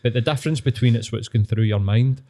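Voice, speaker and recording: A man's voice: mid-range voice, fast talker, dark tone. A man with a Glaswegian Scottish accent, a podcast guest talking earnestly and reflectively, swearing and saying "mate" a lot. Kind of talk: casual podcast chat.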